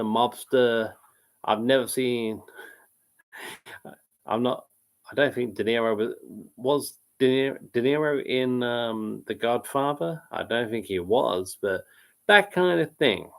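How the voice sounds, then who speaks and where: A man's voice: mid-range voice, vocal fry. A man hosting a live quiz stream, reading out chat comments and rambling casually about films, often breaking off mid-sentence and laughing.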